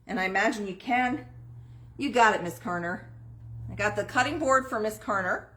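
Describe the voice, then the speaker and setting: A woman with a mid-range, slightly bright voice talks at normal speed while hosting a live online sale from an antique shop. She chats her way through items and prices, and the recording has a roomy echo.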